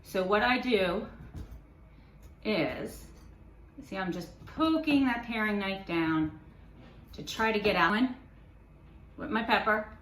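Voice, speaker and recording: A woman's voice: mid-range voice, animated, slow, long pauses, a bit bright. A woman teaching a cooking lesson, walking through each step with patient explanations. Her voice sits in a roomy kitchen with some echo. A faint hum runs underneath. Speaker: cooking instructor. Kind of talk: kitchen demonstration.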